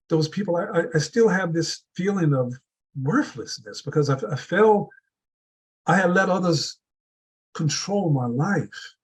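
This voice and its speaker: Guy giving a motivational talk, husky voice, slow and deliberate, keeps asking questions. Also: on the high side, poor audio. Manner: deliberate, with repeated rhetorical questions. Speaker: club speaker. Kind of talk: motivational speech.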